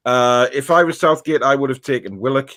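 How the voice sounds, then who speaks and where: A man's voice: medium pitch, fairly quick, a bit bright. A chatty man. He hosts an easygoing football talk show, reading out comments and spinning jokey anecdotes. He keeps a loose, rambling rhythm with lots of ums and uhs. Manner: chatty, jokey storyteller, frequent fillers. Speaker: podcast host reading viewer comments. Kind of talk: casual chat.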